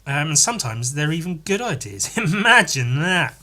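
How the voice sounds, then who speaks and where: A man hosting a solo podcast, chatting in a rambling, animated way full of restarts. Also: on the high side, normal speed. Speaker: podcast host.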